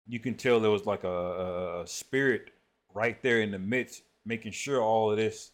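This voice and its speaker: A man giving casual spoken commentary on scripture and prophecy, often tagging his sentences with "man" and reading verses aloud slowly. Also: lowish voice. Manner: conversational, peppers speech with "man".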